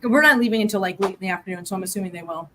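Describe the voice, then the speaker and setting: A woman's voice: medium pitch, racing, a bit bright, a little hiss or hum. A woman hosting a casual live-stream chat from home, laughing often and cooing at her cats. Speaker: host.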